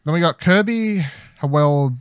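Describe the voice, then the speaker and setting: A man's voice: on the high side, a little slow, clear, resonant tone, dry recording, studio quality. A young Australian man co-hosting a casual TV review chat, rambling and hesitant, with casual swearing. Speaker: podcast co-host.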